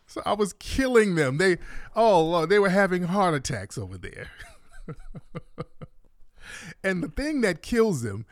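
A man hosting a casual call-in livestream, talking in a calm, laid-back way. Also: high-pitched, a little slow, long pauses, no room sound, studio quality. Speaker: call-in show host.

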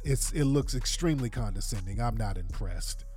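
A man's voice: lowish voice, expressive, normal speed, darkish tone. An American man hosting a livestream with casual, slangy commentary. He sounds sarcastic and exasperated as he rambles through his points, with faint music behind him. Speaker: livestream host.

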